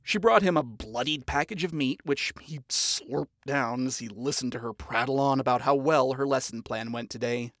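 A narrator reading fan fiction aloud in an expressive, storytelling manner. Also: medium pitch, normal speed, hardly any pauses, no room sound, clean studio sound.

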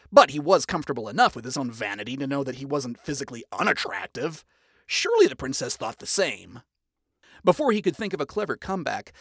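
A narrator reading fan fiction aloud in an expressive, storytelling manner. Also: medium pitch, dry recording, clean studio sound.

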